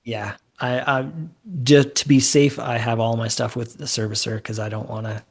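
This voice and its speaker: A man being interviewed as a mortgage note investor, explaining in a relaxed, rambling way with lots of fillers. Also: mid-range voice, moderate pace, breathy edge. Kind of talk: conversational podcast interview.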